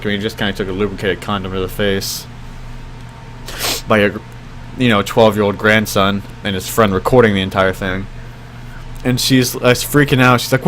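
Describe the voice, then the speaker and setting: A man's voice: fairly bright tone, a little hiss or hum. Rambling young man telling a story. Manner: rambling, many fillers like "like" and "I mean"; acts out quoted voices with jumps in pitch. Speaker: vlogger. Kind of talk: casual storytelling.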